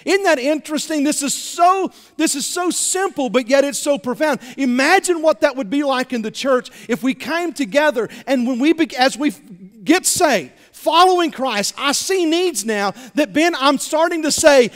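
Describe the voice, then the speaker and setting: A man preaches from the pulpit in a high-pitched voice. He stumbles and repeats himself as he builds momentum toward each point. The sound rings out with the long reverb of a church sanctuary. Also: normal speed, few pauses. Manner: animated, repeats words while building to points, rising loud emphasis. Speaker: pastor. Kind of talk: sermon.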